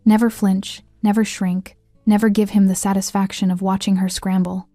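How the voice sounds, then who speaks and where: A woman giving a measured, scripted narration of a story. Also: medium pitch, no room sound, studio quality. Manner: measured, even reading. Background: faint music.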